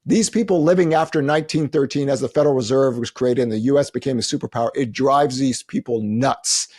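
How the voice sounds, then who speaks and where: A man's voice: a little fast, darkish tone, breathy edge. A man on a podcast, an analyst ranting emphatically and mockingly about a topic he dismisses. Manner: emphatic, mocking, jumps into high-pitched quoted voices. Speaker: lead analyst, podcast regular. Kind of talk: animated podcast rant.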